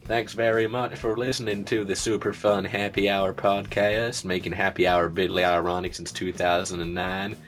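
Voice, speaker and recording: A man voicing a folksy, slow-witted hillbilly man with a slow rural drawl, reading a podcast outro. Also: deep voice, little pitch movement, a bit bright, faint music behind.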